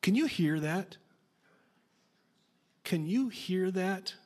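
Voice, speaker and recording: High-voiced preacher reading scripture aloud. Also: male voice, expressive, extremely slow, darkish tone. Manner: casual, jokey asides between dramatic reading. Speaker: pastor.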